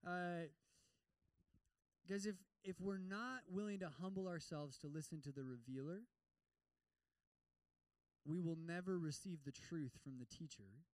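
High-voiced animated preacher man. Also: measured pace, long pauses, no room sound, recorded from a distance, low-quality recording. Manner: animated, repeats words, acts out prayers. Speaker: pastor. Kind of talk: sermon.

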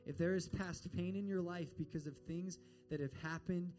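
A man's voice: high-pitched, steady tone, normal speed, music in the background. A man preaching a sermon and telling a story in an earnest way, acting out the voices of the people in it. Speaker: pastor.

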